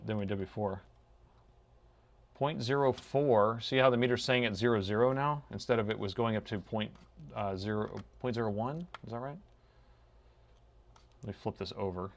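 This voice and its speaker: A middle-aged man giving live, thinking-aloud commentary as he repairs a laptop, in a laid-back drawl that tacks "man" onto his sentences. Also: lowish voice. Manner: thinking aloud while measuring.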